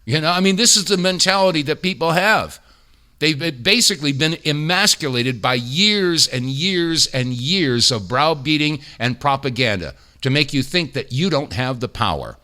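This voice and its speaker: A man from the United States hosts a podcast in an exasperated, ranting tone. His voice is bright and fairly high with lively swings, and he slips into mocking impressions. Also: normal speed. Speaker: podcast host. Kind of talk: casual commentary rant.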